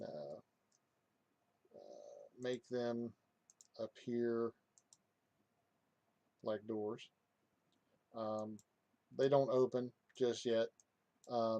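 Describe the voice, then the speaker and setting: A man giving a casual software walkthrough, hesitant, with many fillers and restarts. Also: mid-range voice, dry recording. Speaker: software reviewer. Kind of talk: casual screen-recorded tutorial.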